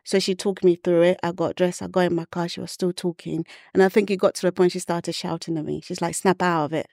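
A woman's voice: on the low side, little pitch movement, quick pace, vocal fry, mellow, no room sound, clean studio sound. A woman from Ghana, a podcast guest, talking candidly and reflectively about a hard time in her life. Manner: candid, reflective, acts out quoted voices. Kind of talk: personal storytelling in an interview.

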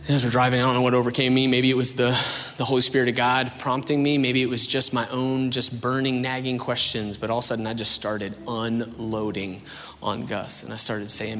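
A young man shares his testimony in a sermon, talking casually and telling the story with animated asides. His voice sits in the middle of the male range. It rings out with long reverb across a large hall, and faint room noise hangs in the background. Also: mid-range voice, a little fast. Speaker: preacher.

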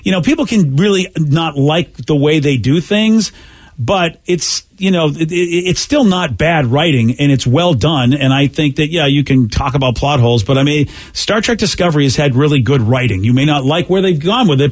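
Male radio host, husky and a touch high, loose rambling studio banter. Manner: rambling, self-correcting.

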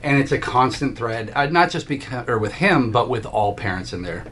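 A man's voice: mid-range voice, normal speed, a bit bright. Man, podcast co-host, casual chat, knowledgeable, explains at length, comics fan.

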